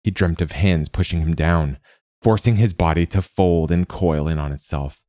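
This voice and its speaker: Male narrator for a fantasy storybook: low, steady, measured, dry close-mic sound. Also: no echo.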